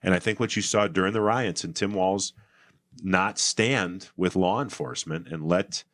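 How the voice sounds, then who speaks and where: Deep-voiced man telling folksy stories. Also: moderate pace, fairly bright tone, no room sound, clean studio sound. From Minnesota. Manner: folksy, storytelling. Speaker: political candidate guest. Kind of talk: casual political chat.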